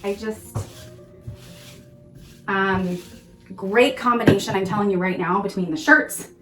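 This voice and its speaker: A woman hosting a casual crafting tutorial, gushing and excitable, often exclaiming over her work. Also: mid-range voice, a little slow, roomy sound, music in the background. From Pacific Northwest of the US. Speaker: crafting channel host.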